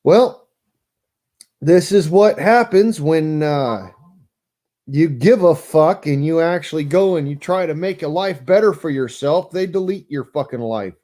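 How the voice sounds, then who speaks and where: A man's voice: a little high, lively intonation, a little slow, dark tone. A man ranting angrily and profanely on a live stream, bitter and heated. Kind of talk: angry live-stream rant.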